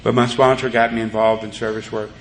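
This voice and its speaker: A man's voice: on the low side, level tone, fairly quick. A man speaking at a recovery meeting, rambling as he tells his story with many "you know"s. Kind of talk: recovery talk to an audience. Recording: echoey room tape with faint hiss.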